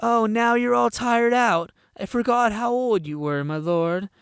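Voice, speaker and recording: A man's voice: extremely high pitch, unhurried, gravelly, clear, resonant tone, dry recording, clean studio sound, pitched above the performer's own voice, full character voice. A man voicing a shy, sly young girl in a fan audiobook reading, speaking meekly and coyly. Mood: teasing. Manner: meek, coy and wheedling. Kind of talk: audiobook character voice.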